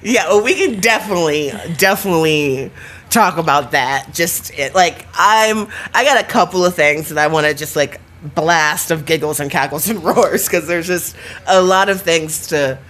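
A young woman co-hosting a casual chat podcast, animated, laughing often and swearing casually. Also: on the low side, normal speed. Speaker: podcast co-host.

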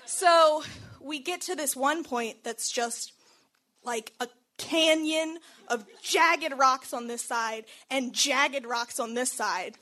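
A woman's voice: sits high, slow pace, pushed and bright. A young woman telling a personal story in a casual, chatty way, laughing often and saying "like" a lot.

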